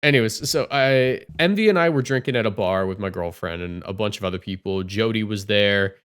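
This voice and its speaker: A man co-hosting a casual podcast chat, telling stories with loud acted-out quotes. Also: fairly low pitch, a little fast, smooth. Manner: animated storyteller, acts out quotes loudly. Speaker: podcast co-host.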